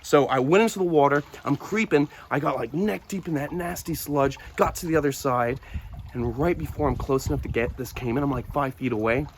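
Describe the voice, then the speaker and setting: A young man hosting a wildlife vlog, telling an excited outdoor story in an animated, breathless way, sometimes shouting at his dog. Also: mid-range voice, brisk, slight background noise. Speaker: wildlife vlogger.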